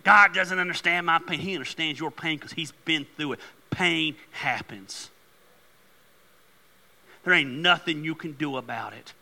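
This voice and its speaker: Animated joking male pastor, bright tone. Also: fairly high pitch, a little slow, gravelly. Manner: animated, joking storyteller who turns earnest. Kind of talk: sermon.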